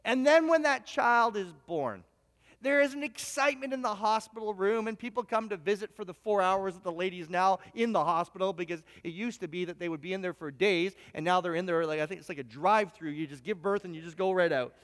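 A man's voice: high voice, a little fast, fairly bright tone. A man preaching a sermon, telling a long illustrative story with frequent stammered restarts. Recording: reverberant hall sound.

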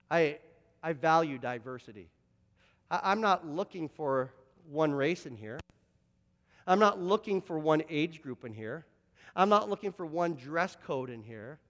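High-voiced Canadian man preaching. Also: fairly bright tone, in a large hall. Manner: earnest, repeats words when emphatic. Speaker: pastor. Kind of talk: sermon.

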